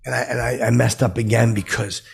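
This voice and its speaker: A man's voice: medium pitch, flat delivery, a little fast, heavily acted. A man playing a brash, tipsy middle-aged podcast host who rambles and stammers through a comic story. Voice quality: gravelly, raspy. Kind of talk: comedic character monologue.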